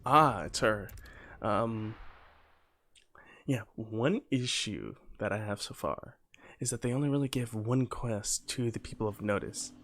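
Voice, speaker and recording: A man's voice: lowish voice, a little slow, fairly bright tone. Man rambling over gameplay. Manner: offhand and rambling. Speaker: gamer. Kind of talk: casual gameplay commentary.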